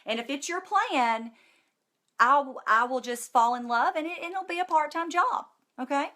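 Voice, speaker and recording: A woman's voice: sits high, expressive, moderate pace, pushed and bright. A middle-aged woman, talking straight to the camera in an emotional, gushing testimonial, close to tears and repeating herself for emphasis. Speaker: vlogger.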